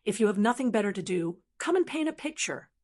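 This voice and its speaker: A woman's voice: mid-range voice, measured pace, natural voice. A woman voicing a confident young male warrior with a teasing, bold manner.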